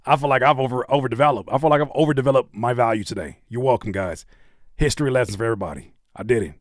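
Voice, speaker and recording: A man hosting a casual music livestream, joking in slangy, animated talk and slipping into mock voices. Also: medium pitch, very fast, dry recording, clean studio sound. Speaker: livestream host reacting to music.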